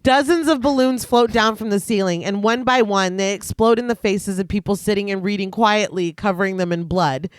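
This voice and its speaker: A woman's voice: mid-range voice, brisk, few pauses, smooth, dry recording. A woman co-hosting a casual horror podcast, reading scene recaps and joking between them. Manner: reads plot summary then jokes and laughs.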